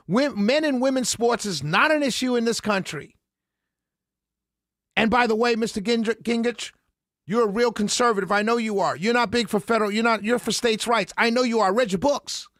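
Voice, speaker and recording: A man hosting a talk radio show, ranting passionately and sarcastically, often raising his voice to a yell, close on the microphone. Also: very high voice, no room sound. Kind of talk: political talk radio rant. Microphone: close studio mic.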